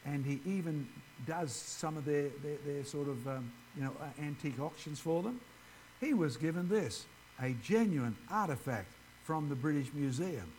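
A man's voice: on the high side, darkish tone, slight background noise, low-quality recording. Chatty man giving a ministry talk. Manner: chatty, addresses the audience directly. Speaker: creationist ministry speaker. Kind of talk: informal ministry presentation.

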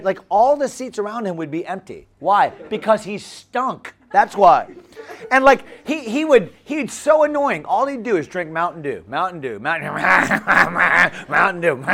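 Man, pastor telling a funny story in a sermon; high and very expressive pitch, repeats lines for laughs. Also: moderate pace. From United States. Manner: animated, comic, repeats phrases.

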